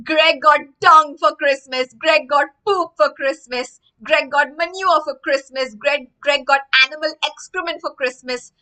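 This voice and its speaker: A woman voicing a crowd of mocking children who chant taunts in a shrill sing-song. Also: unhurried, few pauses, bright, forceful tone. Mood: taunting.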